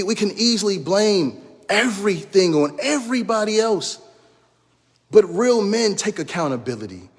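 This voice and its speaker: High-voiced preaching man, reverberant. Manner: preaching, repeats phrases, calls listeners brother. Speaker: life coach and minister. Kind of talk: impassioned motivational talk.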